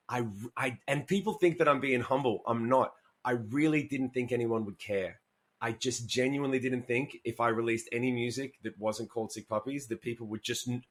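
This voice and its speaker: A musician with a medium-pitched voice speaks candidly as an interview guest, swearing freely. As he tells stories, he acts out the quoted asides.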